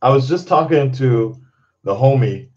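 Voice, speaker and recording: A man's voice: mid-range voice, expressive, measured pace, a little mellow, muffled recording. A man hosting his own channel, chatting casually, rambling and swearing freely and breaking into laughter. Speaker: channel host. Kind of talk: casual livestream chat.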